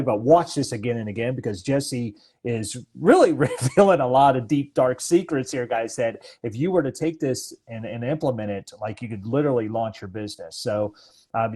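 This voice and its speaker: Mellow-voiced, upbeat podcast host man. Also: mid-range voice. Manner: affirming, enthusiastic, addresses viewers directly. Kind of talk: casual live-stream podcast chat.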